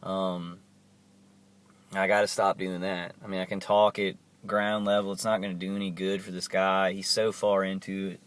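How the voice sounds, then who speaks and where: A man's voice: low-pitched, completely flat delivery, fairly quick, few pauses. Agitated young man rambling to camera. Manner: agitated, rambling, repeats himself. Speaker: vlogger. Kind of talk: casual monologue to camera. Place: inside his house.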